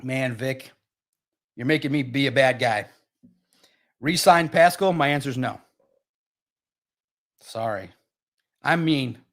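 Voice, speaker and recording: A man's voice: medium pitch, takes it slowly, long pauses, a bit bright. A man hosting a live sports stream, talking casually and with energy straight to his chat viewers. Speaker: sports livestream host.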